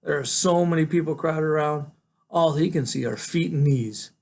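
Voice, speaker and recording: A man, a teacher, reading a novel aloud in a relaxed, conversational storytelling way. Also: fairly high pitch, moderate pace, creaky, slight background noise.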